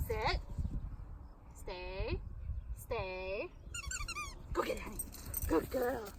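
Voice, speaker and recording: High-voiced woman training a dog outdoors. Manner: upbeat, coaxing commands to a dog between explanations. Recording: distant mic, loud outdoor noise.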